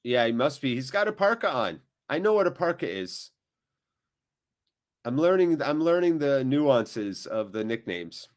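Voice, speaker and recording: Male watchalong host, mid-pitched, casual running commentary with sudden excited yelps. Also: a little slow. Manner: chatty, reacts loudly to big moments. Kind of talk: live match commentary and chat reading.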